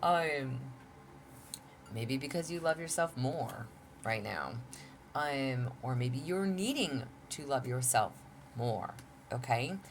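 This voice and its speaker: Chatty low-voiced woman tarot reader. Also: lively intonation, slow pace, slight background noise. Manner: chatty, laughs often, says y'all. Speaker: tarot reader, channel host. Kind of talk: casual tarot reading. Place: home.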